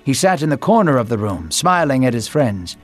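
A man narrating a scripted Bible story in a steady storytelling manner. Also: mid-range voice, fairly quick, faint music behind.

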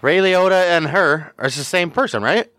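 A man's voice: sits high, moderate pace, a bit bright, no echo. A man co-hosting a casual true-crime podcast, bantering and joking with his co-host. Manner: joking, laughing, playful banter.

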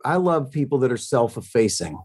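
A man's voice: medium pitch, very animated, a little fast, a little mellow, husky. Chatty self-mocking man telling stories. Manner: chatty storyteller, self-mocking, frequent restarts. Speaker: country singer, guest. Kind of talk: casual interview chat.

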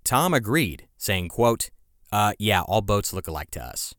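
A man's voice: fairly low pitch, very animated, unhurried, a bit bright, no room sound, clean studio sound. A man hosting a podcast, telling a history story in scripted narration with casual, conversational asides. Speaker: podcast host.

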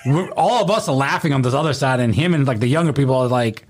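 Man, mid-pitch, casual chat, tells an anecdote between laughs. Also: fast talker, slight background noise.

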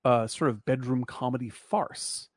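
A man's voice: medium pitch, a little slow, no room sound. A man hosting a casual film discussion, blunt and profane, rambling with lots of fillers.

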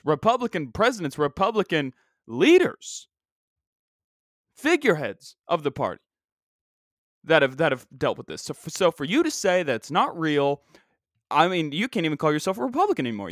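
A man hosting a casual solo podcast from home, ranting in an animated, exasperated way. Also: a little high, no room sound, studio quality. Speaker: podcast host. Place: at home, dog nearby.

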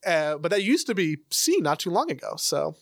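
A man interviewing a guest in a relaxed, curious and teasing way. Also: a little high, normal speed, gravelly. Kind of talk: casual interview chat.

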